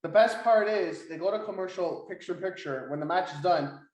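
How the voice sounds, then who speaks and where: A young man co-hosting a casual wrestling podcast, excitable and swearing as he retells segments. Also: high voice, fairly quick, echoey room, low-quality recording. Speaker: podcast co-host.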